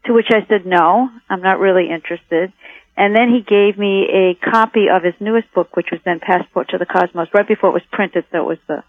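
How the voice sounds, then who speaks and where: A documentary filmmaker, appearing as a guest, answers interview questions reflectively, explaining her reasons and frequently restarting sentences. She speaks fairly quickly at a mid-range pitch. Recorded over a tinny telephone line, her voice has no room sound or echo.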